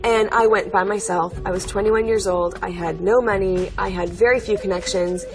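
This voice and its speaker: A woman's voice: medium pitch, fairly even intonation, normal speed, music in the background. A young adult woman, an interview guest, telling personal stories in an earnest, chatty way, with many fillers and frequent laughs. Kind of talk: interview storytelling.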